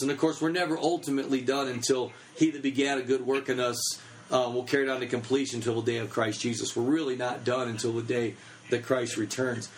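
A man's voice: mid-range voice, a little hiss or hum, low-quality recording. A man in his thirties giving a casual teaching talk on children's ministry, chatty and full of fillers.

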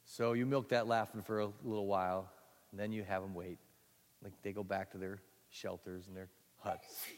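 A man telling a playful children's story to fellow teachers, animated and building up moments for effect. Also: low voice, moderate pace, long reverb tail.

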